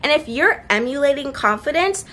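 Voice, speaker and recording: A young woman with a high, expressive voice that sounds pushed and bright gives speaking tips in a casual vlog. Recorded outdoors near seagulls, she's earnest and encouraging, slowing down for emphasis as she offers confidence advice.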